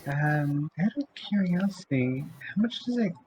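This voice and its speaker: A man playing in a tabletop game, who talks in a hesitant, low-key way. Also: lively intonation, unhurried, darkish tone. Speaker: player. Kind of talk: casual tabletop play. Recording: noisy mic with background noise.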